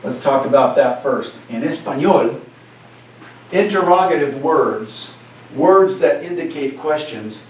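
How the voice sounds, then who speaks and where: A man's voice: fairly high pitch, lively intonation, a little slow. A man teaching a Spanish class in a conversational way, checking in with his students by often asking "right?". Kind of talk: classroom lecture. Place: classroom, recorded for cameras. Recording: echoey classroom from far off.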